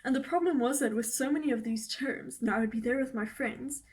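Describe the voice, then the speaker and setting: A young South African woman with an Afrikaans accent chats straight to camera in a casual vlog. Her voice sits a little high for a woman. She talks in an animated, emphatic way and slips into mock outrage. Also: brisk. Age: young adult. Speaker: vet student vlogger.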